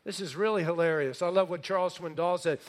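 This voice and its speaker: Middle-aged male pastor, slightly high voice, animated storytelling, sarcastic humor. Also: fast. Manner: dramatic scripture reading. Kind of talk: sermon.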